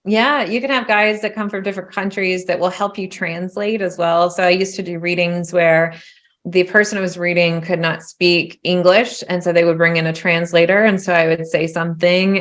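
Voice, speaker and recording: Podcast host, female, lowish voice, casual and animated, slips into voices for quoted bits. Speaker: podcast host and spiritual business coach. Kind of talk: casual interview chat.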